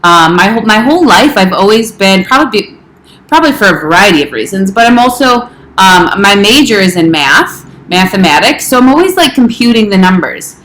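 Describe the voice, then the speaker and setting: A woman's voice: medium pitch, sing-song, a little fast, fairly bright tone, reverberant, poor audio. A young adult woman health coach chatting casually in a home kitchen, rambling a little and talking with her mouth full. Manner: chatty, rambling, talks while eating. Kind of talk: casual vlog chat.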